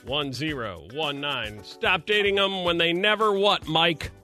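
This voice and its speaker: A playful man runs a morning radio show, quizzing and teasing his co-hosts. His voice is fairly high for a man and very bright, and it comes from a studio mic. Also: measured pace, faint music behind. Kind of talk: casual morning radio banter.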